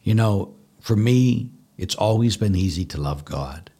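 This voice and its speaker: Earnest low-voiced priest. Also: male voice, unhurried, husky. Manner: earnest and animated, laughs at himself, repeats words for emphasis. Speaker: Catholic priest. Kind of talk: conversational spiritual teaching answering questions.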